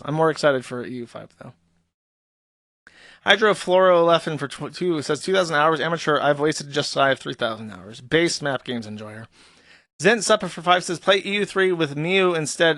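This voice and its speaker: A man with a somewhat high voice reads donation messages on a stream in a flat, offhand way. His asides often trail off into quiet mumbles. The sound is dry and close, with no room echo. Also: normal speed. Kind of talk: casual reading of paid messages with crude remarks.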